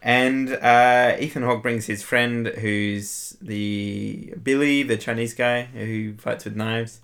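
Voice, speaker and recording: A man's voice: mid-range voice, steady tone, slow pace, vocal fry, fairly bright tone. A man co-hosting a casual film podcast, easygoing and chuckling, with lots of "like" and "yeah". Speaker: podcast co-host.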